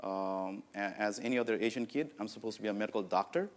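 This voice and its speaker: A man in his forties from Nepal, with a Nepali accent, giving a conference keynote in an anecdotal, lively way with many "uh, you know" fillers. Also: lowish voice, quick pace. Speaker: conference speaker.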